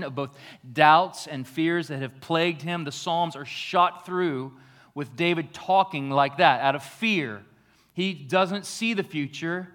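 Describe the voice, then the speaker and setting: A pastor preaching a sermon, shifting between hushed, slow reflection and raised, emphatic passages. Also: male voice, fairly high pitch. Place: church.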